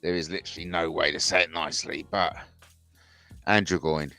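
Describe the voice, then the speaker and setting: A man's voice: very deep voice, steady tone, a little fast, sharp tone, soft background music. A man hosting a rambling livestream, mocking and swearing and repeating himself. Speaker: host. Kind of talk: rambling solo livestream rant.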